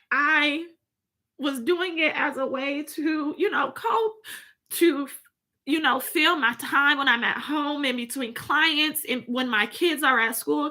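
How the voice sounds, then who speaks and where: Chatty woman in her 30s, vlogging from home, high voice, real bright. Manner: chatty, speaks straight to viewers, reads out comments. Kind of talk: casual chat to viewers.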